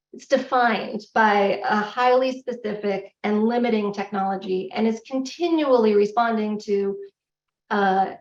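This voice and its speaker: A middle-aged woman giving a public lecture in a candid, self-deprecating, animated way. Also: on the high side. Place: lecture hall. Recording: echoey hall, distant, dull lo-fi.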